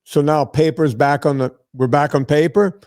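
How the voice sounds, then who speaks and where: A man with a darkish, higher-than-average voice hosts a podcast, telling a story at a moderate pace with fairly even intonation. He sounds casual, profane and exasperated, recorded in dry, clean studio sound.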